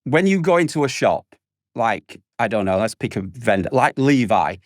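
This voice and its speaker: A man on a podcast panel, telling stories in an animated way and acting out salespeople in exaggerated voices. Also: medium pitch, moderate pace, no echo, clean studio sound. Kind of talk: casual panel chat.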